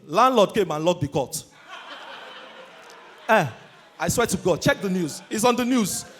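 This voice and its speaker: Young man, Nigerian accent, stand-up on stage, high voice, husky edge. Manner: energetic, shouting punchlines, switching into Pidgin for acted voices. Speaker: stand-up comedian. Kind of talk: stand-up comedy routine. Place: live comedy stage before an audience.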